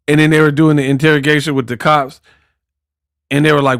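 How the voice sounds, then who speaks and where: A man's voice: fairly high pitch, moderate pace, a bit bright, dry recording, clean studio sound. A man in casual commentary who talks in a mocking, slangy way and acts out quotes. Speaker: boxing commentator.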